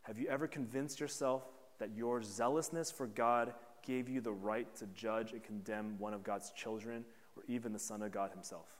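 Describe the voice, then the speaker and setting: A man's voice: on the low side, steady tone, moderate pace, hardly any pauses, big-room sound. A man preaching a sermon in a conversational way, often checking in with "right?" and acting out voices from the story.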